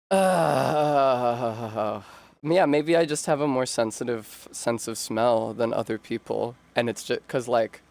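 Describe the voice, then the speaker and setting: A man streaming a game who chats loosely with viewers. He rambles and wanders from thought to thought, filling gaps with ums and restarts, in a voice of middling pitch. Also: gravelly, darkish tone. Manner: rambling, chatty, full of fillers and self-interruptions. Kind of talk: casual chat while live-streaming a game.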